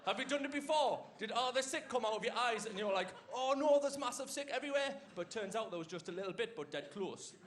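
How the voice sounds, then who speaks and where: A young man with a Geordie accent doing a rambling, deadpan stand-up comedy set with dialect fillers. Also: high-pitched, fast, few pauses, crowd noise. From Newcastle, England. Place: comedy club stage with a live audience.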